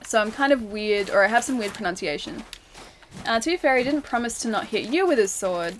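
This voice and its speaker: Chatty young Australian woman streamer, slightly high voice, faint hiss behind her. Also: expressive, fairly quick. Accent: Australian, city, pronounces final R's. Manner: chatty, reads chat aloud, giggly. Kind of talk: casual livestream chat while gaming.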